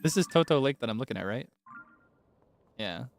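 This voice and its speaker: A man chatting and thinking out loud as he plays a game on a livestream, often giggling. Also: mid-range voice, lively intonation, brisk, vocal fry. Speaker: streamer. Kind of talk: casual gaming livestream commentary.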